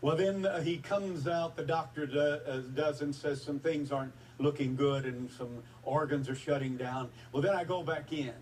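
A man preaching a sermon testimony, earnest and emotional, with halting fillers as he tells a personal story. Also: fairly high pitch, fairly even intonation, darkish tone. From Texas. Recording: distant mic with faint background noise.

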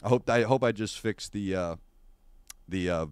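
A middle-aged man hosting a casual livestream chat, telling rambling, wry and animated stories into a streaming microphone. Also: fairly low pitch, normal speed, smooth, no room sound, studio quality. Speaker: show host. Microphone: adjustable streaming microphone.

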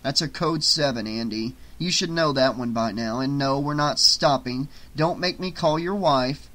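A man voicing a dry, no-nonsense male police officer with a deadpan delivery. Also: medium pitch, moderate pace, lightly acted.

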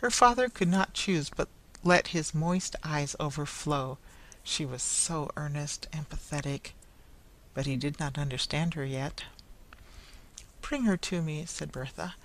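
A narrator reading a classic story aloud in a measured, clear way for English learners. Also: mid-range voice, low-quality recording.

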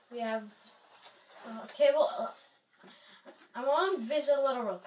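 Young woman, gameplay chatter, playful rambling, slightly high voice, echoey room, faint hiss. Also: darkish tone. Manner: rambling, playful, drops into whispers. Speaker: gaming YouTuber. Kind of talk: casual gameplay commentary. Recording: roomy, distant mic, faint noise.

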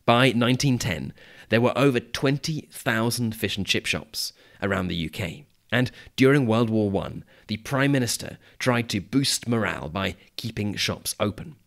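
A British man with a lowish voice narrates a prepared script. He speaks clearly and at a measured pace, like a teacher telling a story to learners. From Britain. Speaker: podcast host.

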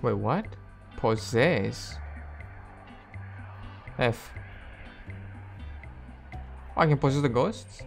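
A man's voice: mid-range voice, lively intonation, extremely slow, creaky, long pauses, over music. A man giving casual, reactive commentary while playing a video game, exclaiming and laughing at himself. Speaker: gameplay video host.

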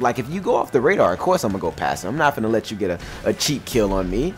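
A man's voice: medium pitch, quick pace, hardly any pauses, slight background noise. A young man hosting his own gaming channel, telling a match story in slangy, laughing commentary. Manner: animated storytelling with frequent laughs; slangy and excitable.

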